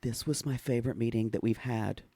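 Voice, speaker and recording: A man co-hosting a podcast, casually chatting and recapping a reality show with animated, dramatic storytelling. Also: medium pitch, brisk, no echo, clean studio sound. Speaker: podcast co-host.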